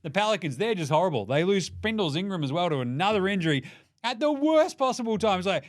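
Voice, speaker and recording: An Australian man giving a comedic basketball ranking rant, mocking and full of quick jokey asides. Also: sits high, very animated. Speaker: basketball commentator.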